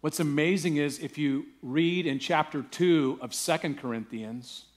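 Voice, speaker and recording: A man's voice: a little high, measured pace. A male pastor preaching a sermon, telling a story casually and building to emphatic preaching. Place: church.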